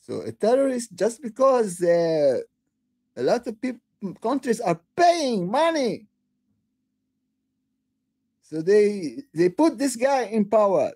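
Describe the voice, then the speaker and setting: A woman hosting her own channel, delivering an impassioned, upset political rant that breaks into shouting and halting restarts. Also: medium pitch, sing-song, slightly rough, no room sound. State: upset, near tears. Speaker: online channel host. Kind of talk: angry political rant to camera.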